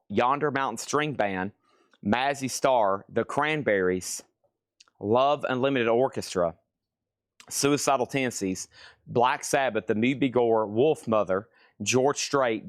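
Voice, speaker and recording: A man hosting a live record sale stream, rattling off items and prices in brisk patter with wry asides. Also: mid-range voice, dry recording, studio quality. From Tennessee. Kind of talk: live-stream auction calling.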